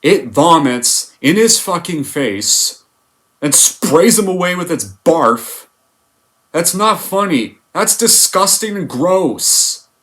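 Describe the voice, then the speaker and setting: A man delivers an irritated film review rant at a mid-range pitch. He sounds fed up and emphatic, and he swears freely as he builds up his complaints. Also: fairly bright tone. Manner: exasperated, emphatic ranting with swearing. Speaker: movie reviewer.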